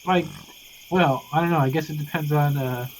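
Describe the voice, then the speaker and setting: A man narrating as game master, describing scenes loosely and haltingly. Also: fairly high pitch, fairly even intonation, a little hiss or hum, low-quality recording.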